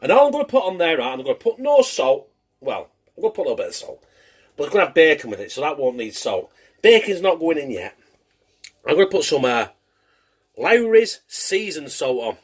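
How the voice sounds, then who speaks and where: A man's voice: fairly high pitch, sing-song, a little fast. A man hosting a casual home cooking show, chatty, laughing and swearing as he works in his kitchen.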